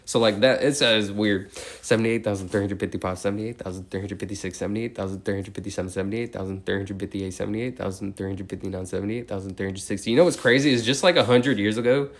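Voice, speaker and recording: A young man with a deep voice counts aloud quickly and steadily on stream, reciting numbers in a monotone. He keeps drifting into rambling, slangy tangents and casual asides.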